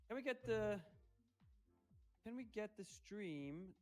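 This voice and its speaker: A man's voice: high-pitched, animated, slow, a little mellow, soft background music. A man hosting a livestream in casual chat, upbeat and playful as he reads out viewer comments and hypes the audience. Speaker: livestream host reading chat.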